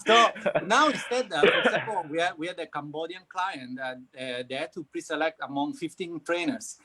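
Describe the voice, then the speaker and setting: A man's voice: fairly high pitch, a little fast, pushed and bright. A man with an Italian accent, a company founder speaking as a guest in a casual live interview, hesitant and full of fillers and restarts.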